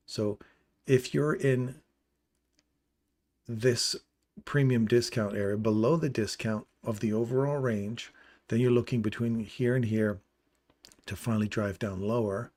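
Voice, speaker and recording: A man's voice: mid-range voice, steady tone, measured pace, pauses often, a little mellow. A man hosting a live trading stream, casually walking through chart levels and explaining entries as he points them out.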